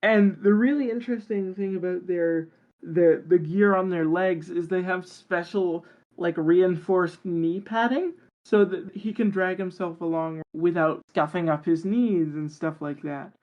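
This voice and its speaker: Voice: medium pitch, fairly even intonation, measured pace, dull audio. A guest on a tabletop game podcast, talking casually and enthusiastically and rambling with lots of fillers. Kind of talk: casual interview chat.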